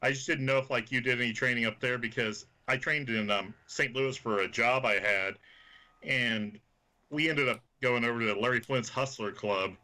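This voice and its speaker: A man's voice: mid-range voice, moderate pace, pushed and bright, poor audio. A man who once refereed wrestling, a guest on a radio chat, telling long rambling stories. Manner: rambling, chatty storyteller.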